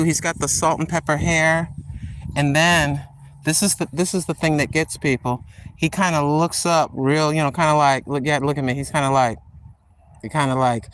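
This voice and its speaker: An older woman hosting a walking vlog outdoors in a park, chatting in a rambling way and addressing viewers as ladies and gentlemen. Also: low-pitched, slight background noise. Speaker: vlog host. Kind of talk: casual walking vlog chat.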